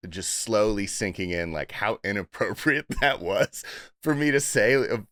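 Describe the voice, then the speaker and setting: Animated storytelling podcast man. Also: fairly low pitch, a little slow, dry recording, studio quality. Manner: animated, laughing, profane storytelling. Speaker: podcast host. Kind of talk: casual podcast chat, storytelling.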